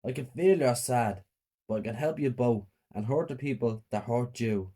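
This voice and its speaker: A man voicing a male demon from hell, speaking slowly and evenly. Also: mid-range voice, dark tone, close to an everyday voice. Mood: calm. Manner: slow, measured delivery.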